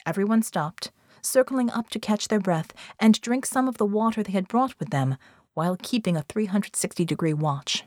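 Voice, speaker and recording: A woman narrating an adventure audiobook in a steady, even storytelling manner. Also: medium pitch, moderate pace, dry recording, clean studio sound. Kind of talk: scripted narration.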